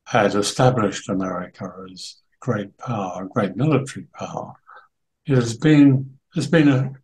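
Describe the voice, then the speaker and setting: An older man giving slow, deliberate interview answers, pausing often with fillers. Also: on the low side, darkish tone, poor audio. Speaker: interview guest, journalist.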